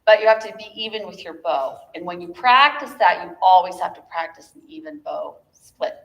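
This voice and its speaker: A woman's voice: on the low side, lively intonation, creaky, dull audio. Chatty woman coaching viola students. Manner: chatty, encouraging, demonstrates with quick asides. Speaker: viola teacher. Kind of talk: masterclass coaching. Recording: echoey room with instrument playing.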